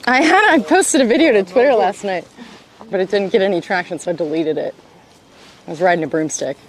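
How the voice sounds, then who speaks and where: A woman's voice: medium pitch, expressive, a little fast, pauses often, a little hiss or hum. An American woman hosting an outdoor livestream, chatting with viewers and greeting them by name, often laughing. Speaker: livestream host. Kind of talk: live outdoor chat with viewers. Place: outdoors by a roadside.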